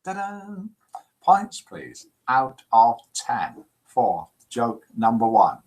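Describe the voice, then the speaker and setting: A man hosting a live call-in show, in a jokey, lively manner, chatting and reading out listener messages. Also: medium pitch, slow pace.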